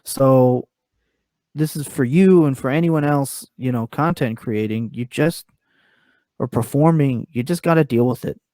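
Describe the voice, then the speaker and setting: A man, a professional wrestler, talking candidly as a podcast guest, swearing freely and ranting with rising pitch. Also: a little slow, warm tone, no echo, studio quality. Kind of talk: casual podcast interview. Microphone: remote call mic.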